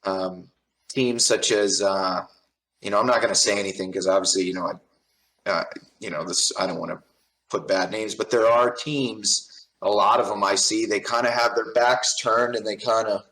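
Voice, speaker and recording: A man's voice: on the low side, steady tone, moderate pace, bright, forceful tone, low-quality recording. A man speaking as a guest on a podcast in casual conversation. He tells blunt, profane stories and acts out other people in raised voices. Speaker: podcast guest, airsoft company owner.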